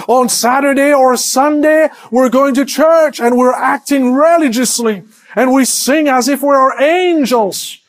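A male pastor with a high, light voice delivers a sermon at a slow, deliberate pace. He keeps pulling the congregation in with questions. His voice sinks to near-whispers and then climbs for emphasis. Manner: preaches with call-and-response questions to the congregation; swings between hushed low lines and raised emphatic ones.

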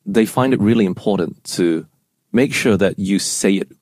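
A man's voice: lowish voice, moderate pace, darkish tone, dry recording, studio quality. A man co-hosting a casual Bible study show, explaining verses and asking his co-host questions.

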